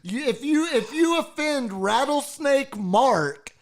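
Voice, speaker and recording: A man's voice: very high voice, lively intonation, slow pace. A man co-hosting a podcast, dropping dry, wry quips into a story. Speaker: podcast co-host. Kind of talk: casual chat.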